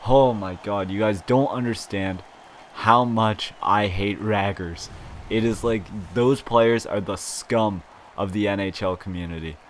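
A young man talks through his own video game match in a lowish, unhurried voice. He mutters and swears when things go wrong and bursts into loud, excited shouts when things go right. This is casual live gameplay commentary. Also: slight background noise. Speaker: gaming YouTuber.

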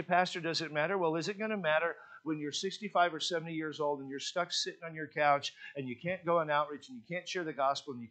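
A man preaching as a pastor, telling folksy, joking stories with lively emphasis in a church sermon. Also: a little high.

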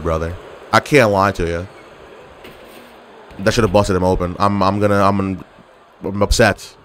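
A man's voice: medium pitch, fairly bright tone. A young man giving live gameplay commentary, trash-talking his opponents and getting exasperated with the match. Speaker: gaming commentator.

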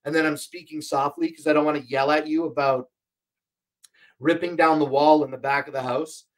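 A man's voice: a little high, fairly even intonation, moderate pace. A man hosting a livestream shopping show from a home studio, chatting casually and rambling with many fillers, his voice strained and breaking. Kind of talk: casual livestream product chat. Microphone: desk microphone, more than an arm's length away.

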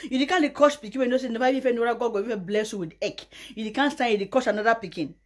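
A young Nigerian woman vlogger giving mocking gossip commentary, often breaking into loud high laughter. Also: very fast. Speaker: YouTuber.

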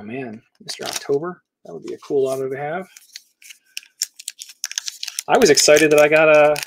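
A man's voice: fairly high pitch, vocal fry, background noise. A middle-aged man hosting a casual live card break, rattling off player names and teams as he opens packs.

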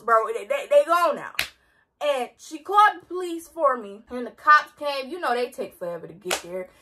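Young woman, casual storytime vlog, lively swooping pitch, breathy. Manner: animated, slangy, dramatic retelling. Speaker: vlogger.

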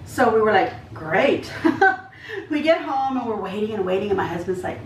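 A woman chats through a storytime vlog in a loose, animated way and plays every part of the exchange herself. Her voice sits a little high. She sounds set back from the mic in an echoey room with a faint hum underneath. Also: normal speed, far from the mic. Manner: animated retelling, acts out dialogue. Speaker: vlogger. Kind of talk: casual storytime chat.

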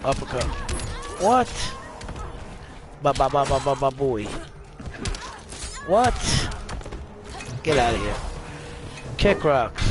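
A man's voice: medium pitch, big pitch swings, unhurried, pauses often. A man giving casual gameplay commentary, joking, rhyming and making silly noises as he plays. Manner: playful, breaks into rhymes, meows and sound effects. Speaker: gaming channel host. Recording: voice over loud game music. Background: game music.

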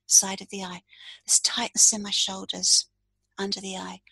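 Woman, tapping coach, calm step-by-step guidance, slightly husky voice, dry close sound. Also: medium pitch, moderate pace, no room sound, low-quality recording. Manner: calm, step-by-step instruction with spoken tapping phrases. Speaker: coach and tapping practitioner, podcast guest. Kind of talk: guided tapping demonstration.

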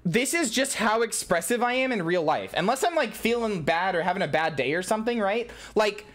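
Woman streamer, mid pitch, very lively voice, excitable and profane. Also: brisk. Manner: excitable, animated, swears, repeats herself. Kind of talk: casual live-stream chat.

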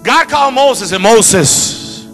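A middle-aged male pastor telling stories in a sermon, animated with playful asides. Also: high voice, slow. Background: piano music.

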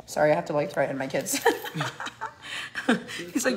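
A woman's voice: on the low side, very animated, slow, long pauses, soft background music. A woman in her thirties chatting casually to camera at home, laughing often and slipping into Spanish with her kids. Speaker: vlogger and mother. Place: family home.

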